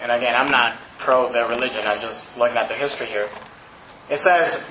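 A man's voice: mid-range voice, fairly even intonation, brisk, noisy background. A pastor preaching a sermon emphatically, mocking his listeners with put-on quotes. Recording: roomy, slightly dull recording.

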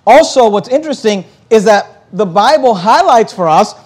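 High-voiced man preaching casually. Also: expressive, normal speed. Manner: conversational, explains verses with frequent fillers. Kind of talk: Bible-teaching sermon.

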